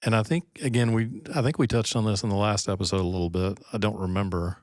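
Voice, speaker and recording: A man's voice: on the low side, steady tone, fast, no echo, studio quality. A middle-aged man co-hosting a podcast in casual chat, rambling and often breaking off mid-sentence. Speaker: podcast co-host.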